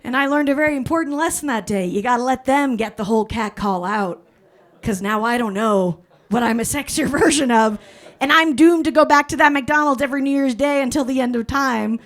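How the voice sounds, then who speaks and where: High-voiced woman doing stand-up. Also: brisk. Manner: chatty, laughs through her jokes. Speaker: stand-up comedian. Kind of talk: stand-up comedy set. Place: comedy stage before a live audience.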